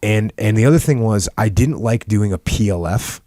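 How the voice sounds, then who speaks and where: A man hosts a podcast in a relaxed, conversational way, laughing as he tells a story. His voice sits low. The recording is close and dry. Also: moderate pace, dry recording. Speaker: podcast host. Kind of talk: casual conversation, reading passages aloud.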